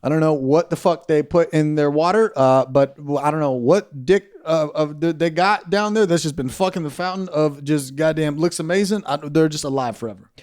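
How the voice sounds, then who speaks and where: A man's voice: fairly high pitch, moderate pace, few pauses, a little mellow. A young man hosting a podcast, chatting casually and jumping into silly mock voices for laughs. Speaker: podcast host. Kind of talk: casual comedic chat.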